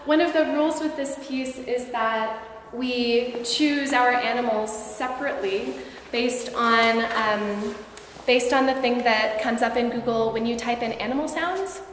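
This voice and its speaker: High-voiced, hesitant woman in an echoey hall. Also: measured pace, slight background noise. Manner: hesitant, many fillers and restarts, self-conscious. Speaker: musician performing live. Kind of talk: casual stage banter. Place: live concert venue with audience. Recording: echoey hall, room mic, from a distance.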